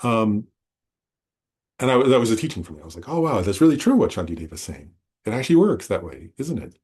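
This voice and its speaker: A man teaching a Buddhist class in a relaxed, conversational way, often checking in with his listeners and correcting himself as he goes. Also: lowish voice, quick pace, husky. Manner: conversational, self-correcting, frequent "right?". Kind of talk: informal dharma talk. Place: meditation center class.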